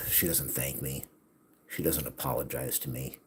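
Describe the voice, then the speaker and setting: Very deep-voiced man venting bitterly. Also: steady tone, a little slow, a little hiss or hum. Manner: agitated, bitter, swings from hushed to near-shouting. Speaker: vlogger. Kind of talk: venting monologue.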